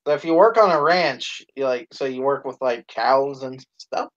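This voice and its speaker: A man co-hosting a live stream in casual chat, swearing a lot, laughing and shouting out quoted lines. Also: mid-range voice, expressive, normal speed, lo-fi sound. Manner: profane, laughing, acts out quoted lines loudly.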